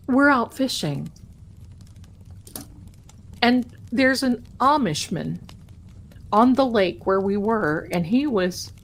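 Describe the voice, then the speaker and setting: Slow, chatty woman host. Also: medium pitch. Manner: chatty and folksy, calls viewers darlings. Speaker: live stream trivia host. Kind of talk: casual chat, storytelling to viewers.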